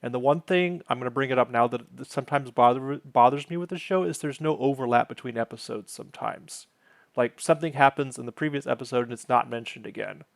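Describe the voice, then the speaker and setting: A man's voice: mid-range voice, quick pace, vocal fry, dry recording. A man hosting his own channel, casually recapping a sitcom episode, wandering off on tangents and correcting himself as he goes.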